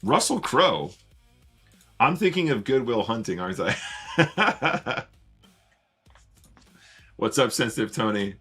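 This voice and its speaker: A man's voice: medium pitch, sing-song, takes it slowly, pauses often, sharp tone, slightly rough, faint music behind. A man casually commentating his online poker play on a live stream, chatting with viewers as he goes. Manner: chatty, greets viewers while playing.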